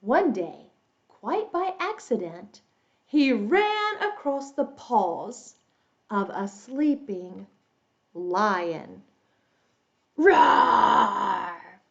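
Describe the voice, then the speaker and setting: Slow, animated woman teaching kids. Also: medium pitch, highs cut off. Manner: slow, exaggerated, playful teacher talk with animal sound effects. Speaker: English teacher for children. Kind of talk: storytelling lesson for young learners.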